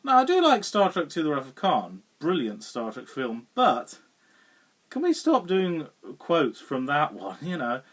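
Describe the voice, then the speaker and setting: A man with a slightly higher than usual voice talks through a film review in a loose, rambling way. He chuckles often and trips over fillers and restarts. He sits a little way back from the mic, so the sound is distant. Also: wildly swooping pitch, a little slow, a bit bright. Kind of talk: casual spoken film review.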